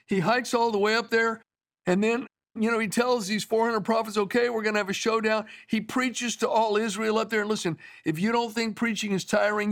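A man's voice: high voice, fairly bright tone. A man preaching a sermon in a conversational, storytelling way, with asides to his listeners.

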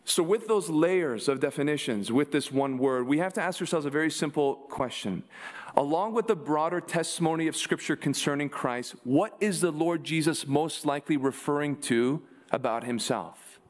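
A man's voice: a little high, moderate pace. A man preaching a sermon, asking his congregation rhetorical questions and answering them with emphasis. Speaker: pastor.

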